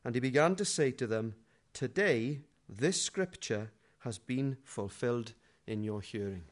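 In a mid-range voice at a measured pace, a middle-aged man delivers a sermon that feels casual and comic. He drifts from quiet asides into loud, dramatic passages.

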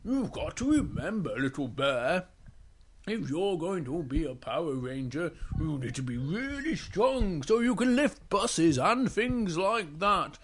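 A kindly grown-up bear talks in a gentle, measured way, as a father plays him in a bedtime story. His pitch still rises and falls freely. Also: big pitch swings, slight background noise.

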